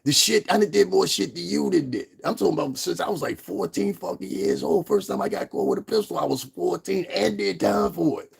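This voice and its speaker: A man's voice: sits high, brisk, gravelly, few pauses, slightly rough. A man hosting a livestream, ranting in a profane, confrontational way and laughing often. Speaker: livestream host. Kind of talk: casual livestream rant.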